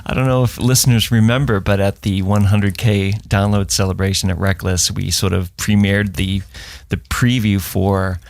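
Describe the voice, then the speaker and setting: Chatty co-host guy, low and gravelly, laughs easily, dry close sound. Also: flat delivery, moderate pace, few pauses, dry recording. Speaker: podcast co-host. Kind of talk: casual chat.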